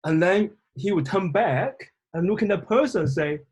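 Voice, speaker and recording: A man hosting a casual discussion, speaking in a measured, reflective way. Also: sits high, expressive, a little mellow, breathy edge. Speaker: host.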